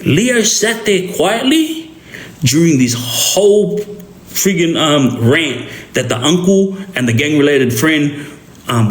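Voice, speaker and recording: Australian man telling a street story, roomy. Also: fairly high pitch. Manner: animated, checks in with "yeah?". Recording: roomy echo.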